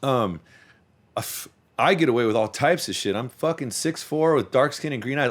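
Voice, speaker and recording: A man's voice: medium pitch, animated, moderate pace. A man hosting a podcast, talking in a rambling, profane casual chat and repeating words as he restarts his sentences. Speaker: podcast host; youth sports coach.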